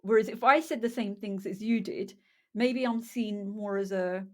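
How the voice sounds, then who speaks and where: A woman's voice: mid-range voice, moderate pace. Chatty woman co-host, searching for words. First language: Punjabi. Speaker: podcast co-host. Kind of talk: casual chat.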